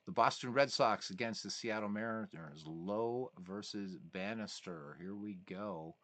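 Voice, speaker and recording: A man's voice: fairly low pitch, a little slow. A man hosting a casual live stream of a baseball sim, calling results and chatting with viewers as he reads their messages. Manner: chatty, reads chat messages aloud, excitable asides. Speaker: livestream host playing a baseball sim.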